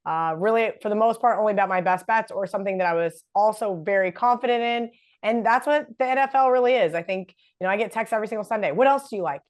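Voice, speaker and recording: A woman appearing as a guest analyst on a sports betting show, animated and exasperated, with lots of fillers. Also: medium pitch, quick pace. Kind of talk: casual sports betting chat.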